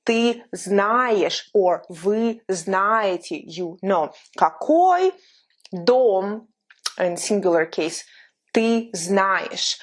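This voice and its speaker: A woman teaching an online language lesson, explaining patiently and slowing down to repeat example phrases. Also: mid-range voice, animated.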